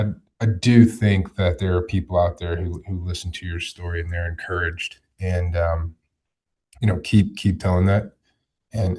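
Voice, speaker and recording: A man hosting a podcast, speaking in a supportive, measured way. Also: low-pitched, darkish tone. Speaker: podcast host. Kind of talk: casual chat.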